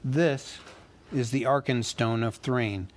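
A man voicing a fussy, polite male hobbit who talks in a businesslike way and squeaks when nervous. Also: slow pace, slight background noise, natural voice.

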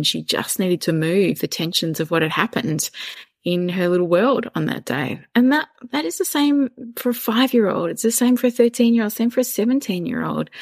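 A woman's voice: lowish voice, no room sound, clean studio sound. A woman in her forties, a parent speaking as a podcast guest, telling stories in a casual way and laughing often. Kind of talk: casual conversational storytelling.

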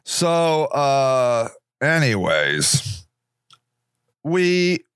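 A man's voice: medium pitch, big pitch swings, drawn-out words, a bit bright, clear, resonant tone, no echo, clean studio sound. A man hosting a casual solo podcast, rambling sarcastically and mocking other people's voices. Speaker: podcast host.

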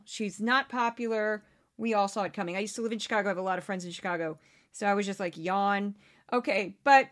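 A woman hosting a political commentary podcast, talking in a sarcastic, animated way and mocking the people she quotes. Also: on the high side. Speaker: podcast host. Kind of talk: opinionated commentary.

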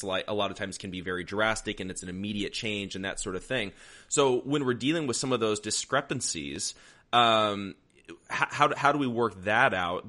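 A man's voice: fairly low pitch, sharp tone. A man hosting an interview, asking a casual, searching question full of fillers. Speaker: host.

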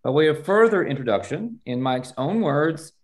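A man's voice: a little high, expressive, normal speed. A man hosting an interview podcast, reading a scripted introduction with strong emphasis and then chatting with his guest. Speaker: podcast host.

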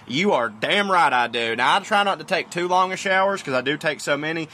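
A man's voice: a little high, lively intonation, normal speed, sharp tone. Chatty, profane man on his porch. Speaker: podcast host answering fan questions. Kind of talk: casual Q&A monologue. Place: outdoors on a porch.

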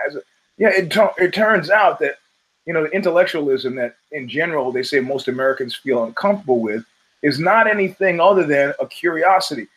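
A man's voice: fairly high pitch, brisk, fairly bright tone, poor audio. A middle-aged man hosting a podcast, rambling through profane stories with many restarts. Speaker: podcast host. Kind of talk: casual monologue.

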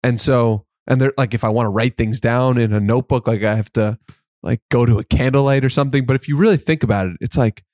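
A man's voice: medium pitch, steady tone, fast talker, darkish tone, no echo, studio quality. A man hosting a podcast, talking in an easygoing, casual way and laughing often. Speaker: podcast host.

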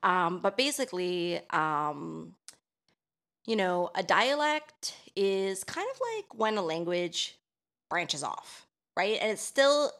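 Female podcast co-host, slightly low voice, chatty, casual explainer. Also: animated, slow pace, a bit bright. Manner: chatty, self-deprecating, playful asides.

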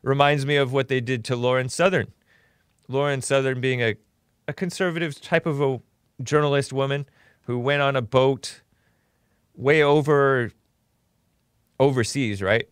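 A man's voice: mid-range voice, fairly even intonation, unhurried, long pauses, clear, resonant tone, no room sound, studio quality. A man hosting a political call-in talk show, blunt and opinionated, rambling with sarcastic asides.

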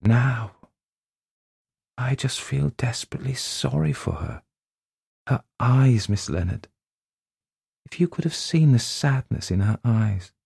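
A man voicing a gentle young woman teacher who is shaken and earnest, speaking hesitantly. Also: mid-range voice, takes it slowly, vocal fry, pauses often, breathy edge, no echo, studio quality, pitched above the performer's own voice, exaggerated voice. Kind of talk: storybook reading.

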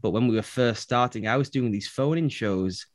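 A man from England with a Liverpool accent co-hosts a podcast, chatting casually and laughing often. His voice is medium-pitched at a normal speed, and the recording is studio quality with no echo.

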